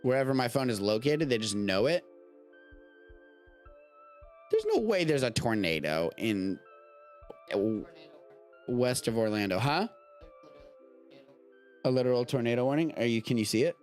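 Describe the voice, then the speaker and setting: A man's voice: mid-range voice, sing-song, unhurried, pauses often, faint music behind. Rambling American man hosting a live stream. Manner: rambling, self-interrupting, swears casually. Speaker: live-stream show host. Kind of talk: casual live-stream news chat.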